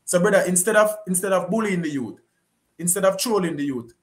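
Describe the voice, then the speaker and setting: A man's voice: high-pitched, lively intonation, brisk. A Jamaican man on a discussion panel, speaking with passion and repeating his points.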